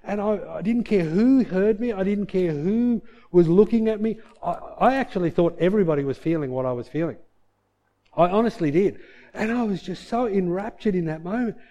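A man preaches in a mellow, warm-toned voice that sits a little higher than most men's. He talks casually, tossing off quick asides, then drops to near-murmurs and climbs again to loud, emphatic declarations. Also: lively intonation, dull audio. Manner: conversational, swings from soft and low to loud and emphatic. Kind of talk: sermon with personal testimony.

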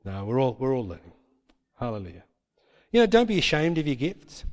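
A man's voice: medium pitch, huge pitch swings, a little fast, a little mellow. A man preaching a sermon as pastor, emphatic and repeating his points with tag questions. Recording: long hall reverb.

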